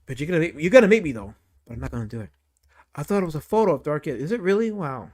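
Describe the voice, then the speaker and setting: An excitable man hosts a casual livestream and rambles his way through commentary. His voice sits high and swings widely in pitch, and he reacts to chat with quick exclamations and swearing. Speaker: livestream host.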